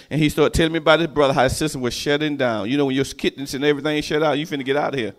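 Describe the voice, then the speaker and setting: A man preaches a sermon in a fairly high voice. He drops to hushed asides, then rises to shouted calls to the congregation. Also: fairly even intonation, rapid-fire, few pauses. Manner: call-and-response preaching, swinging from hushed to shouted.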